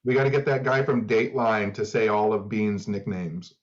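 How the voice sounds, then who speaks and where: A man's voice: on the low side, steady tone, moderate pace, lo-fi sound. A man co-hosting a podcast in casual, joking chat, laughing easily. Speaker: podcast co-host.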